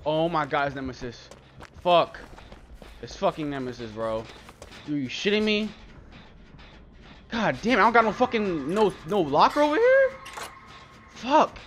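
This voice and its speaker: A young man, giving excitable, swearing commentary while playing a horror game. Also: fairly high pitch, normal speed, pauses often, a little hiss or hum. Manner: excitable, swearing, calls out in panic during chases. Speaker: gaming channel host. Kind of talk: live gameplay commentary.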